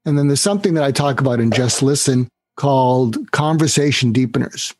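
Husky-voiced man explaining sales tactics. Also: mid-range voice, brisk, darkish tone, dry recording. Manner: instructive, acts out quoted dialogue. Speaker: guest author. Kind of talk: podcast interview, explaining sales technique.

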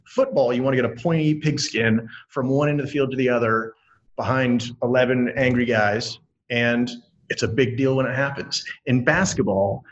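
A man co-hosting a podcast, talking casually in a rambling, animated way and laughing often. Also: mid-range voice, highs cut off. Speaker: podcast co-host.

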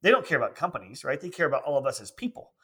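Bright-voiced man hosting a podcast. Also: mid-range voice, very animated, very fast, breathy edge. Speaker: podcast host. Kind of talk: interview hosting.

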